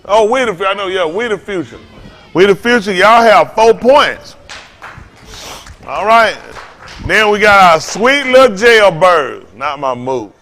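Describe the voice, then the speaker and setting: An older man preaching an informal sermon, folksy and animated, telling stories with lots of repetition. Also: high voice, unhurried. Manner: folksy, animated, Southern Black church vernacular, repeats himself. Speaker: pastor.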